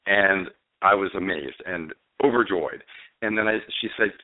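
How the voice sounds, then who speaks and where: A male novelist and screenwriter telling his story in a phone interview, animated but halting, with fillers and restarts. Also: deep voice, no room sound. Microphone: telephone. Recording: dry tinny phone line.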